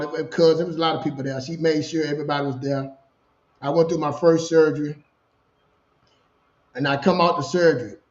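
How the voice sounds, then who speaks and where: A middle-aged man telling a personal story in casual conversation, animated and repeating himself as he talks. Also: fairly high pitch. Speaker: podcast co-host sharing his story. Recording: roomy, dull lo-fi sound.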